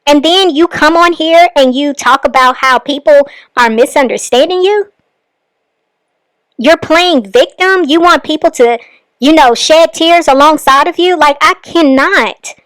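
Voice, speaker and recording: A woman's voice: high voice, a bit bright, dry recording, poor audio. A woman hosting a reaction channel, commenting critically and with disbelief on a clip she has just played. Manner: critical, incredulous, measured.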